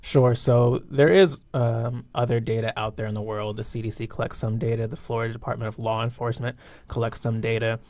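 A man reporter on a news panel, explaining findings in a steady way. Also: mid-range voice, fairly quick, no room sound.

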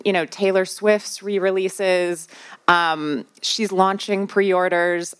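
A woman's voice: lowish voice, fairly bright tone. A woman with a Midwestern American accent hosting a live podcast, chatting to the audience with lots of fillers. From United States. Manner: chatty, asks the crowd questions, many fillers. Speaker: podcast host.

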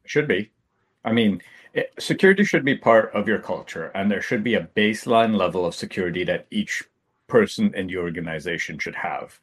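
Deep-voiced male panel guest. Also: lively intonation, fairly quick, breathy edge. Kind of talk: casual panel chat.

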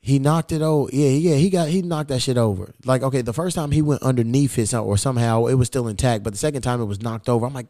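A podcast host with a mid-range voice tells a story in casual chat, talking fast with few pauses. He swears a lot and animatedly acts out the exchanges he quotes. The recording is dry, with clean studio sound.

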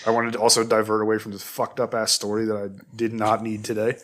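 Fast-talking, bright-voiced male podcaster. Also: on the low side, monotone. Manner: blunt, swears freely, rambling asides. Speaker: podcast co-host. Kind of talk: casual true-crime podcast chat.

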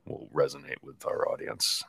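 A man co-hosting a podcast, telling stories in a rambling, animated way. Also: a bass voice, normal speed, creaky, husky, no room sound. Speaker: podcast co-host. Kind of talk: casual storytelling chat.

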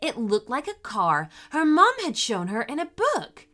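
A woman hosting a children's story podcast, telling the story in an animated storyteller's manner. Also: on the high side, a little slow.

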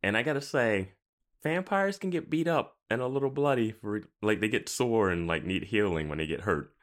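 Low, lively man laughing and ranting. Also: moderate pace. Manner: laughs often, exasperated rants. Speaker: podcast co-host. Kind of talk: casual recap chat.

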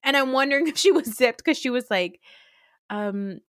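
A woman's voice: high-pitched, lively intonation, normal speed, a bit bright, dry recording, studio quality. A young adult woman hosting a podcast, recapping TV in casual, sarcastic, profane chat with laughing asides. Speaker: podcast host.

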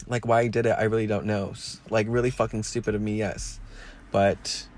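A man's voice: lowish voice, little pitch movement, a little fast, a little mellow, a little hiss or hum. A man hosting a podcast, talking frankly in a casual, rambling way with lots of swearing. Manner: frank and heavily profane; rambling with many fillers. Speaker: podcast host.

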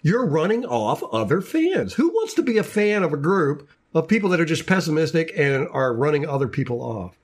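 A man's voice: fairly high pitch, big pitch swings, normal speed, few pauses, husky. A man hosting a casual sports podcast, ranting with lots of repeated words and restarts. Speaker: podcast host.

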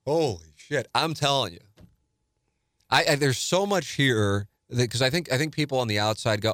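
A man hosting a podcast, talking casually in an animated, rambling way with many fillers. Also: medium pitch, moderate pace, dry recording, studio quality. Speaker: podcast host. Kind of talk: casual solo podcast talk. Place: studio.

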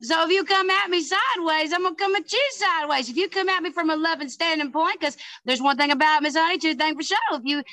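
A woman's voice: extremely high pitch, fast, hardly any pauses, no echo. A woman with a Southern accent, a podcast guest in casual chat, sassy, swearing freely and calling everyone honey and girl. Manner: swears freely, animated storytelling.

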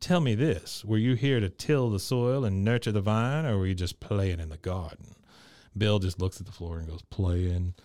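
Low-voiced man recapping a cartoon episode. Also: normal speed, darkish tone, dry recording. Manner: retells scenes, quoting characters in his own voice. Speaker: podcast co-host recapping an episode. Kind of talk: casual chat.

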